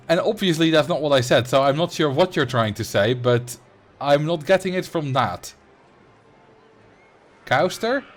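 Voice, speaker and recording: This Dutch-accented man, whose first language is Dutch, streams games and talks loosely with his chat, often laughing and starting sentences over. His pitch runs on the high side.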